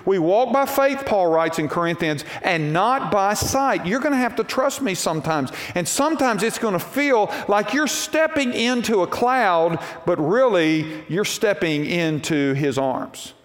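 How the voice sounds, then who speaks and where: Folksy preacher in a reverberant church. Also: male voice, high voice, animated, unhurried, few pauses. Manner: folksy storytelling preacher, acts out voices in quotes. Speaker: pastor. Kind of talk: sermon. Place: church sanctuary. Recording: long reverb of a church hall.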